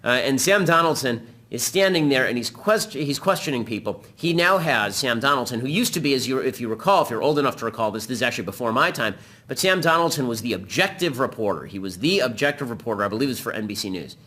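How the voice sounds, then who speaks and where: A man hosting a political talk show, delivering a combative, rapid-fire commentary monologue. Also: medium pitch, expressive, bright, forceful tone.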